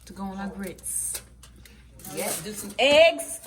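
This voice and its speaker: A woman chatting excitedly in a casual cooking vlog, often saying y'all. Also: medium pitch, measured pace. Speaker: vlogger. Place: home kitchen with frying food.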